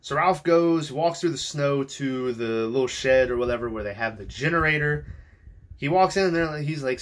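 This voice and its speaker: A man's voice: medium pitch, normal speed. A man hosting a podcast, recapping a film in a casual, rambling way, swearing freely and filling gaps with ums and likes. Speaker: podcast host.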